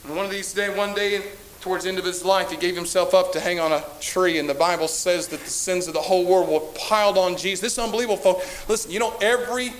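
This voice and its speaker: A man preaching a sermon with passion, repeating phrases and swinging between loud and soft. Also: sits high, steady tone, fast, echoey room, a little hiss or hum, low-quality recording.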